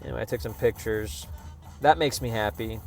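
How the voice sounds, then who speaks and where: A man's voice: fairly low pitch, brisk. A man ranting casually to camera in a profane, rambling, frustrated way, with music playing faintly behind him. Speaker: vlogger.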